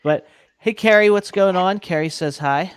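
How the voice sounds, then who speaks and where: A man's voice: sits high, normal speed, smooth, dry recording. A man hosting a casual live-streamed cooking chat, upbeat and talkative, reading out viewers' comments as he goes. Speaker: host.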